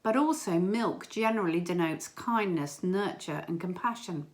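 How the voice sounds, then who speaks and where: A woman giving an informal church talk, earnest and gentle, with small hesitations. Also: lowish voice, moderate pace. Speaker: church member sharing a prayer message.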